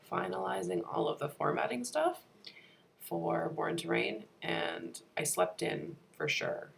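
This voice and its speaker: Woman vlogger, sick and gravelly, chatty voice-over, faint hiss behind. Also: fairly low pitch. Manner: chatty, laughs often, many fillers. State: sick, husky voice. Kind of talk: casual vlog voice-over.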